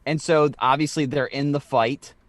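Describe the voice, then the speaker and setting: A man's voice: fairly high pitch, steady tone, moderate pace, dry recording. A man co-hosting a podcast, telling a story in casual chat, swearing freely with stammered restarts. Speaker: podcast co-host.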